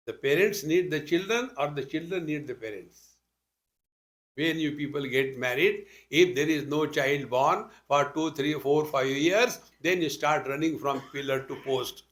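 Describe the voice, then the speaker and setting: A man's voice: a little high, unhurried, a bit bright. An older man with an Indian accent giving a spiritual talk, telling stories with rhetorical questions and humorous asides. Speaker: spiritual teacher. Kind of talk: spiritual discourse to an audience.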